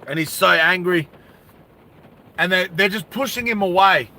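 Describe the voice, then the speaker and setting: Brief: man telling a story in a casual vlog, unhurried and bright, high-pitched voice. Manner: animated, laughs, asides to viewers.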